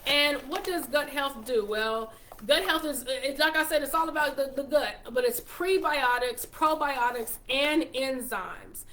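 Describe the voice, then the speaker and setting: A chatty woman with a Texas twang, talking casually to her viewers as she hosts her own show. Her voice sits a little high. She is upbeat and reels off long lists with small restarts along the way. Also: unhurried, hardly any pauses, a bit bright, slight background noise. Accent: Texan. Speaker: show host and wellness consultant. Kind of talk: casual product talk to viewers.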